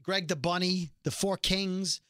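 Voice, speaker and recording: Male podcast co-host, rambling casual chatter, slightly high and bright. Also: fairly even intonation, a little slow, clear, resonant tone, no room sound, studio quality. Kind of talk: casual chat.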